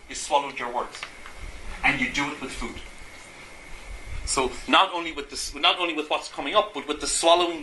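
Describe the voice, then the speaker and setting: A man lectures to an audience in an echoey room, with a faint hum of ambience behind him. His voice is very bright and sits a little high. He keeps asking the listeners rhetorical questions and acts out everyday scenes as he teaches. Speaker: Gestalt therapist giving a talk.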